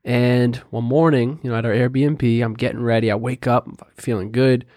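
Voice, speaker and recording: A young man with a middle-range voice tells a story in lively, animated fashion. He keeps checking in with his listeners along the way. The sound is dry and close, with no room echo. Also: mid-range voice, normal speed. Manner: animated storyteller, says "right?" and "dude" often. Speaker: podcast co-host. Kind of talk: casual chat, storytelling.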